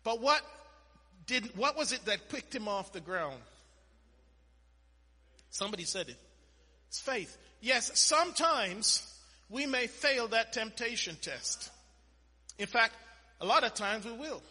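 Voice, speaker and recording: A man preaching a sermon in an animated way, quoting scripture and breaking into sudden loud bursts, in a church hall. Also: extremely high pitch, takes it slowly, pauses often, husky. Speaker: pastor. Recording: long hall reverb.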